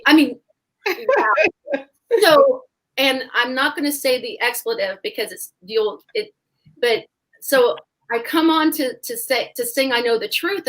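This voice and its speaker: A woman, a stage actress, telling an animated backstage anecdote in a live online chat and acting out the voices of the people in it. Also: a little high, rough recording. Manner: animated, acts out voices in her stories.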